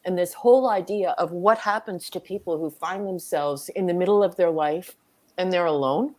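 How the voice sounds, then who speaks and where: A woman with a notably low speaking voice joins a casual podcast chat. She lays out her opinions earnestly and thoughtfully, building her points at length. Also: a little mellow. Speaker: podcast co-reviewer.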